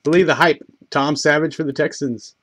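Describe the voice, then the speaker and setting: A man hosting a live trading card break, reading off each pull in quick succession, tripping over names now and then. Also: fairly high pitch, noisy background. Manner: rapid list-reading, stumbles over names; bursts of excitement on big pulls.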